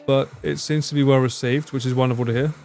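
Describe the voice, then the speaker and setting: A man's voice: mid-range voice, steady tone, quick pace, darkish tone, soft background music. Joking Essex man streaming. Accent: Essex English. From Essex, England. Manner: joking, teasing, answers chat messages. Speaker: live streamer. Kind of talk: casual chat with viewers.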